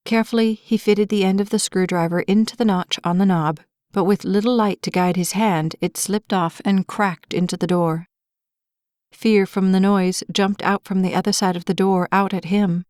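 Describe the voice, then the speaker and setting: A woman narrating a romance novel as an audiobook, telling the story in an even, clear way. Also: medium pitch, normal speed, no room sound, clean studio sound.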